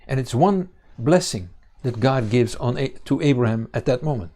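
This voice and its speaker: A man teaching a congregation on scripture, pausing often with fillers and restarting his sentences. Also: mid-range voice, animated, dark tone. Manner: halting, many fillers and restarts. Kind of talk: bible teaching.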